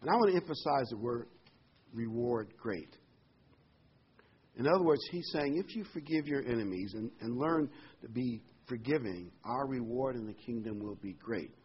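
A man with a husky, slightly breathy voice gives a sermon in a relaxed, conversational way. His pitch jumps up when he stresses a point. The recording sounds dull and lo-fi. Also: brisk. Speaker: preacher.

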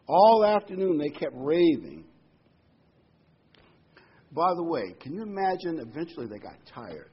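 A man's voice: fairly high pitch, breathy edge, dull audio. A man preaching a sermon, retelling a scripture story with many asides and fillers.

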